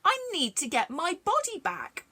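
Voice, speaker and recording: A woman voicing a young boy's talking head, high and pleading, in a rhyming children's story. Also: huge pitch swings, moderate pace, sharp tone, exaggerated voice.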